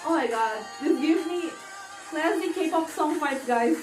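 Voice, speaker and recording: A woman with a very high, bright-pitched voice gushes like an excited fan as she chats through a reaction vlog. Her voice echoes around a roomy space. A music track plays faintly underneath her talk. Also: unhurried. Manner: gushing, excitable fan commentary. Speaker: K-pop reaction YouTuber. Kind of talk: casual reaction vlog chat. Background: music video playing faintly.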